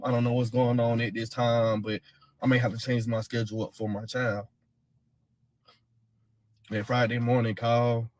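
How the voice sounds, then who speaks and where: A man telling his own account in a blunt, heated way, swearing and repeating himself. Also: mid-range voice. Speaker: father of a missing woman's child. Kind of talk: casual first-person account.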